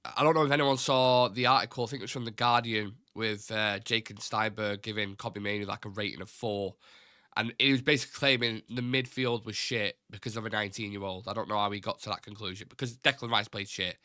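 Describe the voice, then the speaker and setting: A man's voice: fairly low pitch, steady tone, fast, bright, forceful tone, no room sound, studio quality. Blunt, indignant man with a stuffy nose. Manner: blunt and indignant, swears freely. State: slightly stuffy and nasal. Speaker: host of a fan livestream. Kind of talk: casual live-stream chat.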